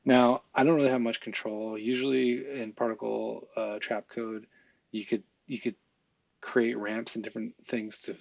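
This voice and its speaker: A man talking through a software tutorial in a casual, think-aloud way, with fillers and small asides as he works. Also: mid-range voice, little pitch movement, moderate pace, creaky, no room sound, dull audio. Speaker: visual effects tutorial instructor. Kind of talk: screen-recorded software tutorial.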